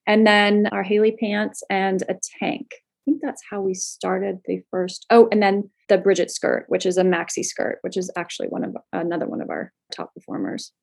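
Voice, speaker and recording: A woman from Florida talks about starting her clothing line in a relaxed interview. Her pitch sits in a middle range, and she tells her stories in a loose, animated way, full of fillers and quick laughs. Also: vocal fry. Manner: chatty, animated, laughs often, many fillers. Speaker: clothing brand co-founder. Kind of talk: casual interview storytelling.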